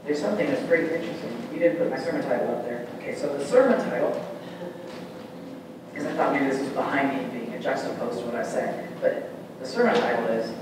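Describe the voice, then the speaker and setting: A man preaching a lively sermon as pastor, often asking the congregation whether they hear him. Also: medium pitch, quick pace, background noise. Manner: animated, call-and-response preaching. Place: large church sanctuary. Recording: echoey hall from far off.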